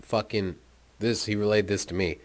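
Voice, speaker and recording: A man's voice: lowish voice, fairly even intonation, normal speed. A young man casually telling a rambling, profane story about his school days, often laughing as he talks. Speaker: podcast host telling his life story.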